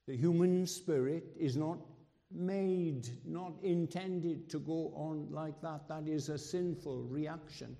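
A man delivers a sermon in an unhurried, measured way, pressing key words with emphatic rises and dramatic pauses. His tone is dark and mellow. The voice rings with the long reverberation of a church hall. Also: fairly high pitch, creaky. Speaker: preacher.

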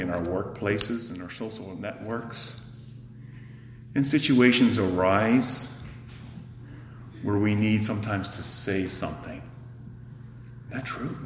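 A man preaching a sermon, swinging from loud emphatic bursts to hushed, whispered lines. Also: on the low side, a little hiss or hum. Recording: echoey hall, faint ambience.

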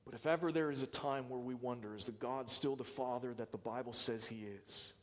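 A man's voice: mid-range voice, steady tone, brisk, big-room sound. A man preaching a sermon as a pastor, earnest and full of rhetorical questions.

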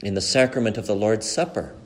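In this sermon, a male pastor preaches with earnest conviction, rising to emphatic peaks and then going low and slow whenever he reaches a key point.

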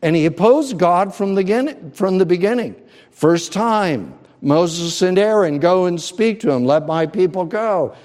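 A man preaching a sermon, earnest and emphatic, with deliberate pauses. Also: high-pitched, expressive, darkish tone, big-room sound. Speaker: pastor.

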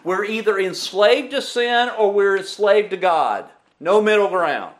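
A man's voice: high voice, expressive, unhurried. A man preaching a sermon who keeps asking the congregation questions.

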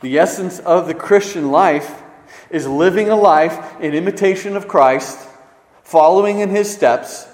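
A man preaching a sermon as pastor, swinging between loud emphasis and hushed, low stresses. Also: a little slow. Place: church sanctuary. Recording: echoey church hall.

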